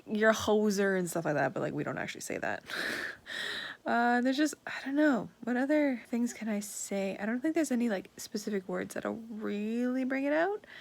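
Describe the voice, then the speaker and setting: A woman with a Canadian accent talks casually to her viewers about books and her day. She rambles in a giggly way, filling her sentences with likes and ums. Her voice has a light creak of vocal fry. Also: fairly high pitch, darkish tone. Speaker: book vlogger. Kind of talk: casual chat to camera.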